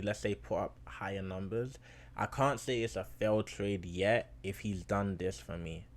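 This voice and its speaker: A man casually talking fantasy basketball to his viewers in a chatty, slangy way, getting loud and excited over close wins. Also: fairly low pitch. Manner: chatty, slangy, addresses viewers as bro and guys.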